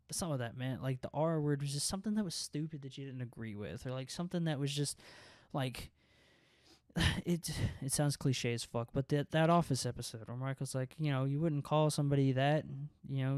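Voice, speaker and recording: A man's voice: medium pitch, darkish tone, clear, resonant tone, dry recording, clean studio sound. A young man co-hosting a podcast, talking in a casual, rambling way, swearing often and filling his speech with "like" and "right?". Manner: profane, rambling, filler-heavy with constant "like" and "right?". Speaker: podcast co-host.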